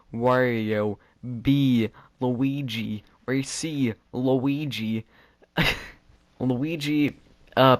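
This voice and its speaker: Young male commentator, sarcastic rambler, mid-range voice, faint music underneath. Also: mid-range voice. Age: teens or young adult. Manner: rambling, sarcastic, with frequent fillers and restarts. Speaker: YouTube commentator. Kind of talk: casual comedic commentary.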